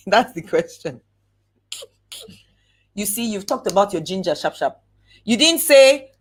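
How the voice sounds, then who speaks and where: Animated woman coaching a crowd. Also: medium pitch, husky. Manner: animated, acts out examples, slow drawn-out emphasis. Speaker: speaker coaching on networking. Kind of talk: lively motivational talk.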